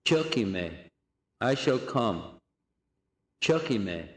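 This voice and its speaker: A man giving a recorded language lesson, saying phrases slowly and repeating each one for drilling. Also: medium pitch, very animated, roomy sound. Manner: slow, deliberate drilling of phrases with repetition. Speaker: language teacher.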